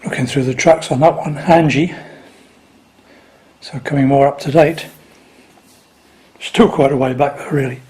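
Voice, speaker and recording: Man, easygoing collector vlogging, mid-pitched, rambling and dry. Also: fairly even intonation, darkish tone. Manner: unhurried, rambling, dry asides. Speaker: record collector. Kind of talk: casual talk to camera.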